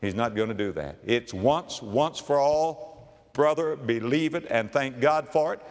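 A man preaching a sermon, swinging from loud declarations to hushed low phrases, with slow emphatic repetition. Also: expressive, big-room sound.

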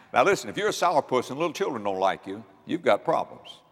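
A man's voice: mid-range voice, very animated, brisk, vocal fry, in a large hall. A man preaching a sermon in an emphatic, dynamic way, often chuckling.

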